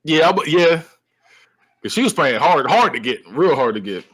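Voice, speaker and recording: A man co-hosting a podcast, casually recapping a film and retelling its scenes with lively, frequent laughter. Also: on the high side, normal speed, husky. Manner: animated storyteller who acts out characters; laughs often. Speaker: podcast co-host. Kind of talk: casual movie-recap chat.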